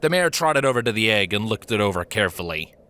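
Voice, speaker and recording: A man narrating a fan story aloud in a lively, expressive storytelling manner. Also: fairly low pitch, quick pace. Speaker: reader.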